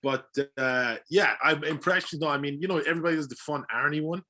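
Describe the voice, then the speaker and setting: His voice is fairly high, fast, bright and forceful: a young voice-acting guest on a casual podcast, eagerly breaking down his craft with examples amid plenty of fillers and restarts.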